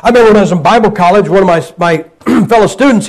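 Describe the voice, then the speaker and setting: Male preacher with a high voice, folksy sermon storyteller, light humor. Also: rapid-fire, hardly any pauses, low-quality recording. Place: church.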